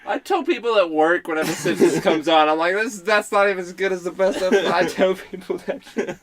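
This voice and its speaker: A man co-hosting a podcast, telling an animated, laughing story in casual chat. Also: high voice, fairly quick. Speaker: podcast co-host.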